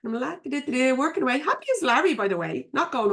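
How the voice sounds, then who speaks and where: Quick-paced and fairly bright, with a voice that sits high, this Irish business coach runs a live webinar from her home computer. Her manner is chatty and candid, punctuated by laughs and offhand swearing.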